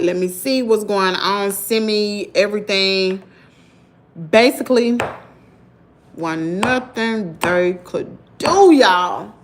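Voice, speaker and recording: A woman with a Southern American accent telling a story to her viewers in an animated, indignant vlog. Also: medium pitch. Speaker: vlogger.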